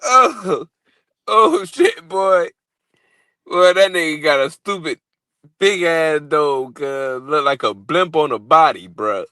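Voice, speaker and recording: High, lively man laughing through banter. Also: slow, clear, resonant tone, no room sound. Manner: laughing hard, animated, profane banter. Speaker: co-host. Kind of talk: casual boxing chat.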